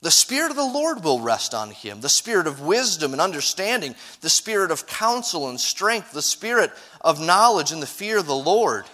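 A man preaching a sermon to his congregation, swinging between emphatic rises and hushed drops. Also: fairly high pitch, big pitch swings, moderate pace, hardly any pauses. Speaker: pastor.

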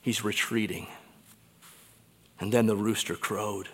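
A man preaching a sermon in a church, conversational and animated, swinging between quiet and loud. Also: on the low side, slow pace, husky, in a large hall. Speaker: pastor.

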